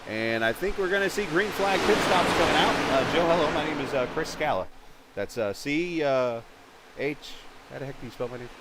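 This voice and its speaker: A man commentating a virtual stock car race live, chatting with viewers and getting excited when cars run into trouble on pit road. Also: on the high side, brisk, very noisy. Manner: chatty, reads viewer chat, gets excited at incidents.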